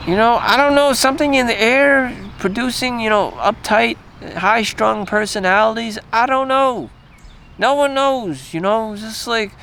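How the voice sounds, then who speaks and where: A man's voice: very high voice, unhurried, fairly bright tone, slight background noise. A man delivering a crude, agitated monologue, repeating himself and swearing a lot. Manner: crude, repetitive, agitated rant with frequent swearing. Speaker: vlogger. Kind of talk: profane ranting monologue.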